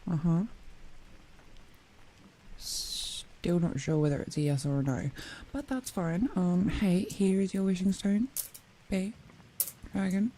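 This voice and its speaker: A woman streamer in a whispered role-play, chatting playfully and softly with viewers and often giggling. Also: lowish voice, low-quality recording.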